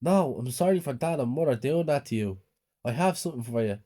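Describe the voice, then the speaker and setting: A man's voice: mid-range voice, expressive, fairly quick, dark tone, lightly acted. A man voicing a mischievous young boy who talks casually and reassuringly.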